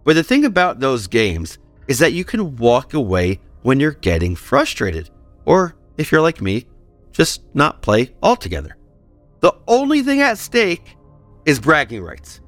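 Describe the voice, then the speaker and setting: A man's voice: medium pitch, wildly swooping pitch, normal speed, fairly bright tone, no room sound, faint music behind. Man narrating history with playful asides. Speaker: podcast host and narrator.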